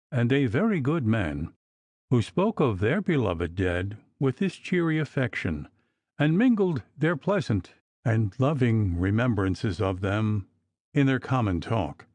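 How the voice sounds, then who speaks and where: A man narrating an old gothic novel as an audiobook, reading in a measured, expressive way. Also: medium pitch, no echo.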